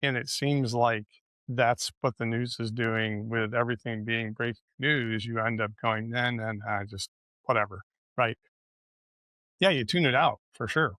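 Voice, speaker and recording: A man's voice: mid-range voice, unhurried, sharp tone, no room sound. A man co-hosting a podcast in casual conversation, chatty and often ending with "right?". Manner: conversational, frequent "right?" tags. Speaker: podcast co-host.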